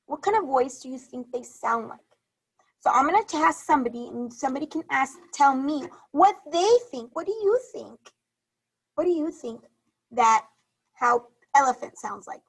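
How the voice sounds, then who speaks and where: A woman's voice: sits high, fairly bright tone, poor audio. A woman teacher on a video call, leading a reading lesson for young children, encouraging and repeating questions to the class.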